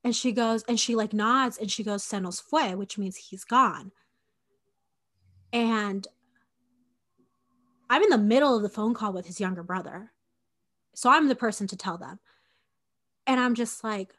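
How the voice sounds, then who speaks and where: A woman in her twenties recounts a personal story in casual, conversational podcast talk, full of "like" and fillers, acting out what people said. Her voice is a little high and a bit bright, at normal speed with long pauses.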